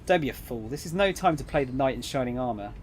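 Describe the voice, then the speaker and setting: A man reading the lines of a cool, snide male embassy agent in a visual novel, calm and condescending. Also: mid-range voice, fast talker, a little hiss or hum, lightly acted.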